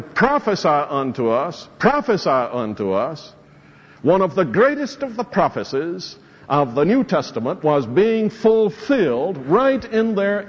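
Slow, animated preacher in a reverberant hall. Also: male voice, mid-range voice, slightly rough. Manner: expository preaching, quoting scripture with rising emphasis. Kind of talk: sermon. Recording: muffled hall recording with long reverb.

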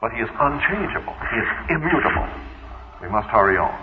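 Man, radio sermon, Bible teacher, lively pitch, rhetorical asides, dull old broadcast sound. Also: fast, echoey room, big-room sound, very noisy. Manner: conversational, uses rhetorical questions and asides.

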